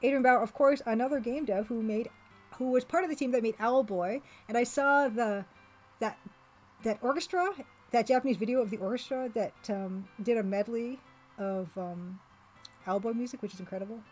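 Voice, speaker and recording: A woman's voice: fairly high pitch, moderate pace, darkish tone, soft background music, low-quality recording. A woman streamer chatting casually and laughing often as she plays a retro game, reading its text aloud. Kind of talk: casual live-stream chat while playing a retro game.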